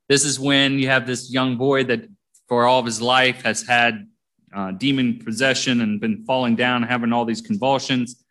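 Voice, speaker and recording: A man's voice: medium pitch, a bit bright. A man preaching a sermon, reading verses aloud and commenting on them between readings in a plain, conversational way.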